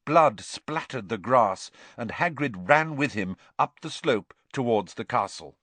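A man giving expressive, scripted storybook narration at a close mic. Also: medium pitch, a little slow, no room sound. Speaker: audiobook narrator.

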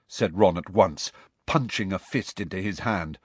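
A man's voice: deep voice, unhurried, husky, dry recording. A man narrating a storybook expressively as an audiobook reader. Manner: expressive storytelling that shifts voice for each character. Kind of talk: scripted narration.

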